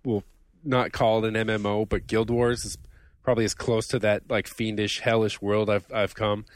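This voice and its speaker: A man co-hosting a casual podcast chat, animated and laughing often, with colorful exaggeration. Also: fairly low pitch, normal speed, no room sound. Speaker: podcast co-host.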